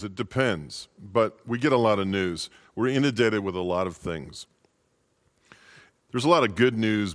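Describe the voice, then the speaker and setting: A male pastor giving a short, informal holiday sermon in a folksy, conversational way. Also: lowish voice.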